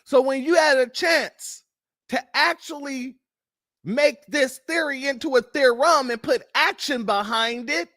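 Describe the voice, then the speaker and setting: A man's voice: extremely high pitch, a little slow, sharp tone, no echo, clean studio sound. A man hosting political commentary, blunt and mocking, firing off rhetorical questions. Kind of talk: ranting commentary on news clips.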